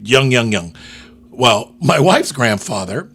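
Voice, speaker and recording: Animated man, bright voice. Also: mid-range voice, slow, breathy edge. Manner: animated, mixes Spanish slang, profane. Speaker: guest DJ. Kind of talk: casual storytelling chat. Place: podcast studio.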